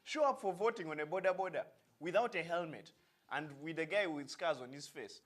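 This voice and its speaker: Animated Ugandan man doing satirical news. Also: on the high side. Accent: Ugandan English. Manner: sarcastic, deadpan mock-serious delivery. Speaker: satirical news segment host.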